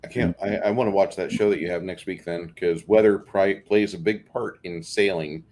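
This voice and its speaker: A man's voice: low-pitched, fairly even intonation, moderate pace, a little mellow. A man hosting a casual livestream chat, talking in a rambling, chatty way with many restarts. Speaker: stream host.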